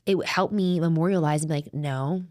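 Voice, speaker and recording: A woman's voice: low-pitched, normal speed, mellow, no echo, clean studio sound. A middle-aged woman co-hosting a faith podcast, talking in an earnest, heartfelt way that rambles and restarts. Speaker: podcast co-host. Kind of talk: faith-based conversational podcast.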